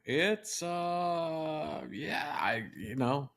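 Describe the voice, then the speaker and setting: A man's voice: a little high, animated, very slow, creaky, a bit bright. A man co-hosting a podcast in casual chat, reflective and wry, often restarting his sentences as he thinks aloud. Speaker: podcast co-host.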